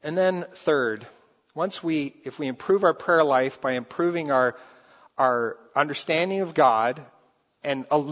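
A man preaching a sermon, animated, rising high and loud for acted quotes and dropping soft for scripture. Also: slightly rough. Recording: dull sound with long hall reverb.

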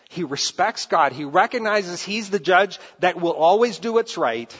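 Male preacher, animated delivery, rather high voice; dull recording in a reverberant church. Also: normal speed. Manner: animated, rises high and loud for acted quotes, drops soft for scripture. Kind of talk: sermon. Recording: dull sound with long hall reverb.

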